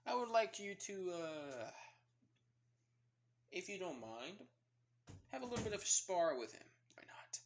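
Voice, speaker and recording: Man doing a high-voiced polite president, calm and teasing, lively rises. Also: unhurried, pauses often, a little hiss or hum, exaggerated voice. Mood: genial. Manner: polite and knowing. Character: smooth, genial male president, calm and teasing.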